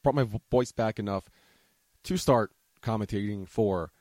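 Man, podcast host, casual rambling chat, casual swearing, low voice, dry close sound. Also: normal speed, darkish tone, no room sound. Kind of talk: casual solo podcast recap.

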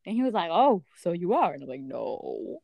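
A woman's voice: fairly low pitch, fast talker, no room sound. A woman in casual chat with a friend, telling stories animatedly and acting out what people said. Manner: animated storyteller acting out texts. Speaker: friend chatting.

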